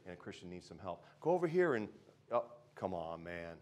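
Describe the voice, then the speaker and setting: A middle-aged pastor delivers a sermon in a church sanctuary, conversational in style, alternating booming declarations with muttered asides and mocking impressions of quoted voices. His voice sits low, and he is very animated and talks fast.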